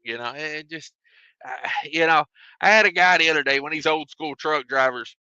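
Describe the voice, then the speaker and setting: A man's voice: a little high, normal speed, pushed and bright, clean tone, no echo, muffled recording. A man, a trucker chatting on his live stream from his truck cab and reading out viewer comments with jokes. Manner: drawling, joking, self-mocking.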